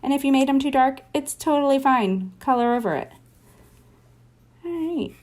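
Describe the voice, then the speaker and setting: A woman with a fairly high, somewhat quick, slightly mellow voice runs a casual drawing tutorial. As she sketches, she chats, encourages, and thinks out loud.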